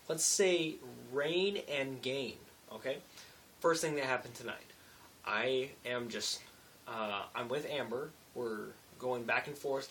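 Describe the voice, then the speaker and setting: Tired young vlogger rambling late at night, a bit far from the mic with light hiss. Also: male voice, medium pitch, fairly bright tone. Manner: rambling, self-mocking, restarts and asides. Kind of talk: casual late-night storytelling vlog.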